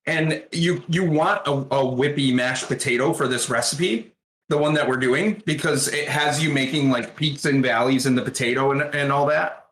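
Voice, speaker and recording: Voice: mid-range voice, normal speed, fairly bright tone. Sarcastic streamer chatting while cooking. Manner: sarcastic, chatty, fond of fillers. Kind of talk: casual cooking stream chat. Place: home kitchen. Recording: roomy kitchen with faint noise.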